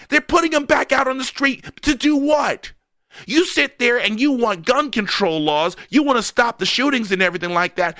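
High bright guy ranting politics, voice jumping all over, sarcastic. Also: no echo, clean studio sound. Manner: animated, sarcastic, shouts at the listener. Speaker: political commentator. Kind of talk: political commentary monologue.

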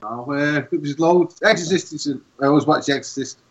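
A man, a guest musician, joking around in lively banter on a radio show. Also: on the high side, a little fast, muffled recording. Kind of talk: casual radio interview.

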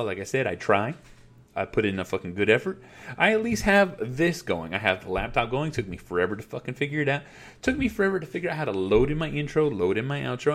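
A middle-aged man hosting his podcast from home on a headset mic, ranting in a frustrated, profane, rambling way. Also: lowish voice. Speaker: podcast host. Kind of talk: casual ranting monologue. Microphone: headset mic at a laptop.

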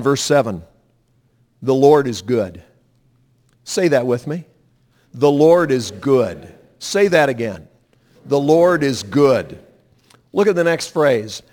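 A man preaching a sermon, emphatic and drawing the congregation into repeating lines after him. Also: a little high. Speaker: pastor.

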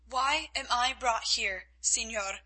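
A woman's voice: a little high, slow, pushed and bright, slightly rough, heavily acted. A woman reading the part of a brave, indignant young woman held captive, speaking directly.

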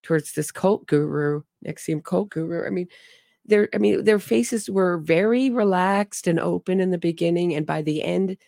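This podcast host is a woman with a gravelly, dark, lowish voice who talks at a moderate pace. It's a casual chat, captured as a dry, clean studio recording.

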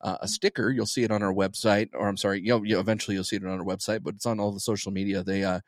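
A man's voice: on the low side, flat delivery, rapid-fire, dry recording, clean studio sound. A man co-hosting a podcast in casual chat, rambling and repeating words as he goes. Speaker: podcast co-host.

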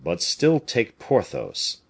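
A man reading a novel aloud, voicing a subtle, gloomy male bishop who was once a musketeer, in a measured way. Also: mid-range voice, very animated, voice pushed up.

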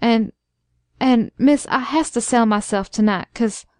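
A woman voicing a halting, timid very old man. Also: fairly high pitch, darkish tone, no room sound, clean studio sound, close to an everyday voice. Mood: timid pleading. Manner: halting, stammering speech. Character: timid earnest very old male servant.

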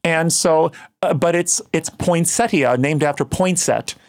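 Older guy, a bit high-pitched, chatty and animated, does little impressions mid-story. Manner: animated storyteller who mimics people in quick asides. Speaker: guest, singer and plant grower. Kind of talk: casual interview chat.

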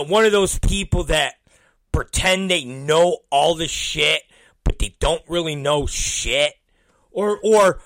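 A man telling a profane story, acting out both sides of old conversations and mimicking others in low, mumbling voices. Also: creaky, sharp tone, no echo, clean studio sound. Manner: acts out both sides of conversations, swears constantly.

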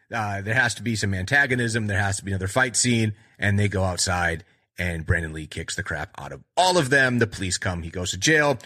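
A man with a husky, bright-edged voice tells movie stories in a loose, rambling style. He keeps checking in with "right?" and slips into acted-out quotes from the scenes. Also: on the low side. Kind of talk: casual movie chat.

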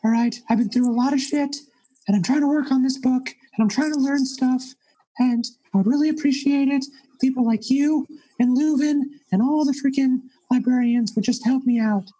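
A man's voice: very high voice, moderate pace, warm tone, poor audio. A man playing a pompous little author. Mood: indignant. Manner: pretentious, pushy, stammering. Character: small pompous old author, gnome-like, pushy. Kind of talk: tabletop role-play.

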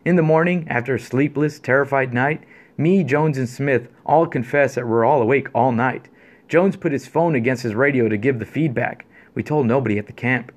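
A man reads a listener's scary story aloud for a podcast, then trades dry, laid-back remarks with his co-host. His voice sits at an ordinary middle pitch. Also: normal speed.

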